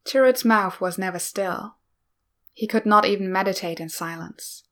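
A woman reading a story aloud in a calm, measured narration. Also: medium pitch. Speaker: reader. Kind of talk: fan fiction read aloud.

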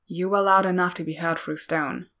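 A woman reading a gruff, steady older male warrior, blunt and dry. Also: lowish voice, normal speed. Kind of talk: audiobook-style fan fiction reading.

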